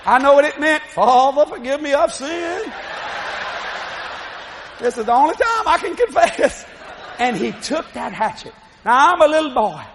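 A middle-aged man preaching a sermon, telling a story with animated, shouting delivery. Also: very high voice, moderate pace, big-room sound, slight background noise.

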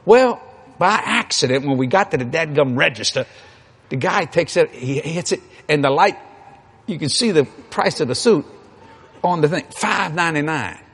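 A man's voice: on the high side, animated, moderate pace, fairly bright tone, husky. A man preaching a sermon, telling folksy stories in an emphatic way.

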